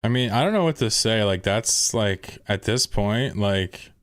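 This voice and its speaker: Exasperated low-voiced man streaming. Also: expressive, measured pace, a bit bright, no room sound, studio quality. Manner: exasperated, swearing, reads posts aloud. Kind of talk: casual commentary.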